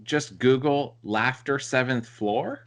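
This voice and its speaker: A man's voice: medium pitch, slow pace. A man co-hosting a casual book discussion, thinking aloud with many "like" and "you know" fillers. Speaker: podcast co-host.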